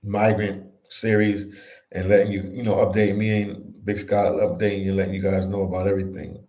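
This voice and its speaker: A man's voice: deep voice, flat delivery, a little fast, warm tone. A man from Philadelphia, a travel vlogger, chatting on a livestream and reacting to viewer comments in a casual way. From Philadelphia, Pennsylvania. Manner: casual, conversational, reads comments aloud and reacts. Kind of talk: live stream chat reading viewer comments. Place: office room with echo. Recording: echoey office room.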